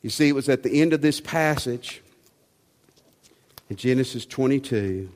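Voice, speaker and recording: A man's voice: medium pitch, animated, normal speed, a little mellow. A man preaching a sermon as pastor, emphatic and full of rhetorical questions. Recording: long hall reverb.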